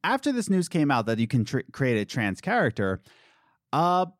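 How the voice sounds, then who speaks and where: A man hosts a casual podcast with a lively voice that swings up and down in pitch as he jokes and circles back on his points. The sound is dry and close to the mic. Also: moderate pace, dry recording. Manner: animated, jokey, wordy with restarts. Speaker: podcast host. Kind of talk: casual commentary chat.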